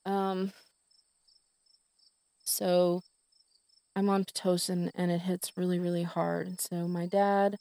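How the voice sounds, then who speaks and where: A woman's voice: lowish voice, level tone, takes it slowly, vocal fry, pauses often, dark tone, no echo. A middle-aged woman telling a personal story on a podcast, rambling with many fillers and restarts. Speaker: podcast host.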